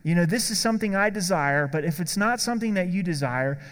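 A man's voice: sits high, expressive, fast, a bit bright, in a large hall. A male pastor preaching a sermon in a conversational way, asking the congregation questions.

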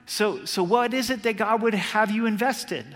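High-voiced man preaching in a reverberant hall. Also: fairly bright tone. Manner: conversational preaching, slows down to quote scripture. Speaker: pastor. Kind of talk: sermon.

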